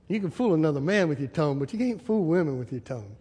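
A man preaching a sermon as a pastor, animated, asking the congregation questions and acting out little scenes. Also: on the high side, moderate pace, breathy edge. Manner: animated, asks the crowd, acts out little scenes. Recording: hall reverb.

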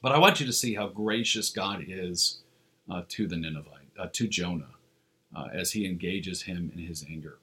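A man preaching a sermon as pastor, earnest, with "uh" fillers, slowing down for emphasis. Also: low-pitched, pushed and bright.

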